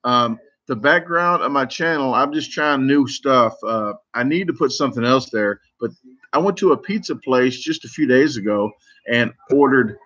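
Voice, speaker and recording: A man's voice: mid-range voice, lively intonation, moderate pace, fairly bright tone, lo-fi sound. A man chatting casually on a live stream, answering viewers and telling rambling stories that keep doubling back. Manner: rambling, self-interrupting storytelling. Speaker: competitive eater streamer. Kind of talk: casual live chat reading comments.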